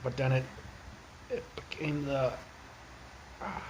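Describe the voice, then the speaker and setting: A young man rambles through street stories on a phone livestream. His talk is casual and full of profanity, his voice sits at an ordinary middle pitch, and faint background noise runs underneath. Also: takes it slowly.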